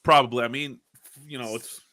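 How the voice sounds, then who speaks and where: Guy on a podcast, bright forceful voice, dry close mic, swears a lot and gets loud acting stuff out. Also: medium pitch, brisk, no echo. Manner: animated storyteller, swears freely, acts out arguments loudly. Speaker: podcast co-host. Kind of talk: casual chat.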